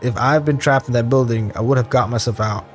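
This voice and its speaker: A man's voice: mid-range voice, brisk, soft background music, lightly acted. A man voicing a drunk, boastful teenage boy in a survival game story, mocking and boozy.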